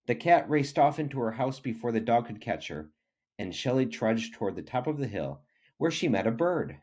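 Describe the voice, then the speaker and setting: A man's voice: mid-range voice, normal speed. Man reading a children's storybook expressively. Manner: expressive, animated. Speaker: reader.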